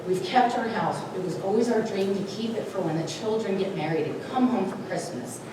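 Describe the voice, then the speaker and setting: A woman's voice: mid-range voice, fairly quick. A middle-aged woman making an earnest public comment at a meeting. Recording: echoey hall from far off, noisy.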